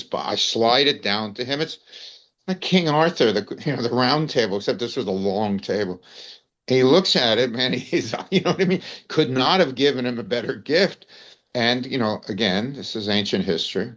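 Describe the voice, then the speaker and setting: A man's voice: mid-range voice, moderate pace, a bit bright, lo-fi sound. An older man with a New York accent, telling rambling anecdotes as an interview guest, peppered with "you know" and "man". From United States. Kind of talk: storytelling in casual conversation.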